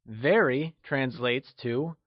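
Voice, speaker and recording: A man narrating a scripted language lesson, slow and encouraging, with deliberate explanations. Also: medium pitch, no echo, muffled recording. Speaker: language teacher.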